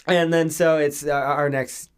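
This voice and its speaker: A man from the United States co-hosting a casual podcast, recapping a manga with lots of laughing and loud acted-out quotes. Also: unhurried, a little hiss or hum. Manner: animated, laughs often, acts out quotes in loud high voices. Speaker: podcast co-host.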